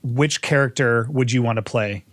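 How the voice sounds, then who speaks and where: A man's voice: medium pitch, normal speed, fairly bright tone, no room sound. A man hosting a podcast, asking questions in a playful, teasing way. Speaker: podcast host. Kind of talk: casual podcast interview.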